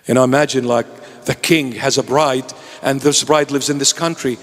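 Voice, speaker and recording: A man's voice: mid-range voice, steady tone, normal speed, a bit bright, in a large hall. A man preaching a sermon, pleading and impassioned, breaking into joking asides.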